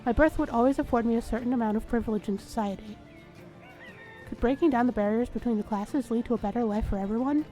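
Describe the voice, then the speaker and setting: A woman host reading a story game's first-person narration aloud in a steady manner. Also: fairly high pitch, fast talker, soft background music.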